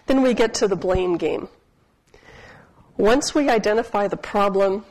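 A woman's voice: mid-range voice, a little mellow, poor audio. A woman preaching a sermon in a chatty, humorous storytelling way, often asking her listeners questions. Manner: asks the audience questions.

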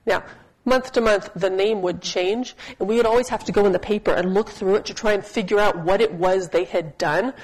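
A woman's voice: medium pitch, a little fast, a little mellow, rough recording. A woman preaching a sermon in a chatty, humorous storytelling way, often asking her listeners questions. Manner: asks the audience questions.

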